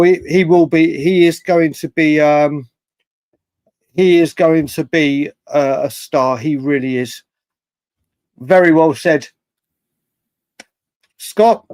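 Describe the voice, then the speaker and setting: A man's voice: high-pitched, no echo. Chatty man hosting a late-night fan stream. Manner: rambling, with frequent restarts and fillers. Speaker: host of a fan livestream. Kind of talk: casual live chat reading viewer comments.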